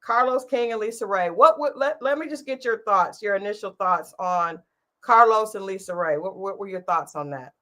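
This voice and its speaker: A woman's voice: medium pitch, expressive, normal speed, a bit bright. A woman co-hosting a live-streamed chat show, talking casually, laughing often and trailing off mid-thought. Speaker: podcast co-host.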